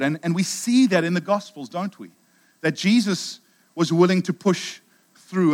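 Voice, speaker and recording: Middle-aged South African male pastor, sermon, slightly high voice, chatty storyteller. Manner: storytelling, chatty, with many restarts.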